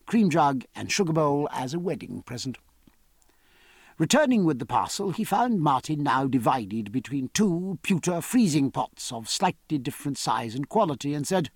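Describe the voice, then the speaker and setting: Male audiobook narrator, husky, lively pitch, dry close recording. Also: no echo. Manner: measured, expressive storytelling with varied character voices. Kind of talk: scripted narration.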